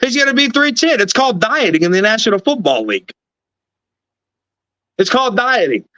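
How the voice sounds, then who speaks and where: A man with a high voice hosts a sports debate, firm and steady as he pushes back on a guest. The recording is dry and close, with no room sound. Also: a little fast, no room sound.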